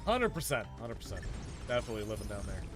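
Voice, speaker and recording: A man's voice: fairly low pitch, very animated, quick pace, over music. A man streaming a game, chatting casually with viewers in a joking, sarcastic way. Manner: joking, sarcastic, talks to chat while playing. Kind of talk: casual gaming stream chat.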